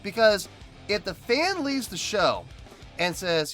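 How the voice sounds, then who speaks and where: Man, high bright voice, music reaction host, emphatic, repetitive rant, faint music behind. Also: big pitch swings, measured pace. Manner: ranting, emphatic, repeats himself. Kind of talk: reaction video commentary.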